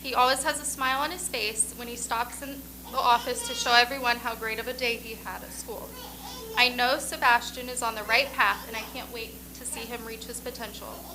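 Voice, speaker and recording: Reading staff quotes aloud in a ceremony speech, a woman from the school honors a student and addresses him proudly and encouragingly. She speaks fairly quickly in a steady, higher-pitched voice. There's background noise in the recording.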